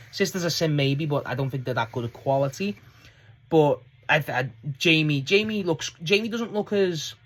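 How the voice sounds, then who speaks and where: A man's voice: medium pitch, fairly bright tone. A man giving a casual, rambling solo review of a wrestling show, swearing and laughing as he goes.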